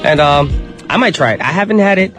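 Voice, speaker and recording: A man's voice: fairly high pitch, expressive, brisk, fairly bright tone, faint music behind. A man hosting a radio show in a chatty, upbeat style, his voice nasal from a cold. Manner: upbeat, chatty, addresses listeners as you guys. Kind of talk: casual radio DJ patter. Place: radio studio.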